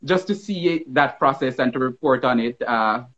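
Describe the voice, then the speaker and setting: Jamaican male reporter, husky, measured delivery, dull lo-fi stream sound. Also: medium pitch, a bit bright. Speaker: TV news reporter. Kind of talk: casual panel chat.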